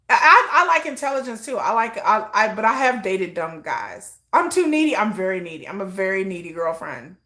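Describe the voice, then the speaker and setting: With big pitch swings, a medium-pitched voice, a brisk pace and hardly any pauses, a middle-aged woman sounds pushed and bright as she hosts a livestream. She chats casually and ramblingly, mocking herself and acting out both sides of past conversations.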